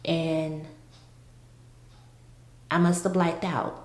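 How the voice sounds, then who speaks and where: A woman recounts a personal story at an unhurried, halting pace, breaking off and restarting often. Her voice sits a little low. The recording carries a noticeable roomy echo. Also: level tone, a little mellow. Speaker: vlogger.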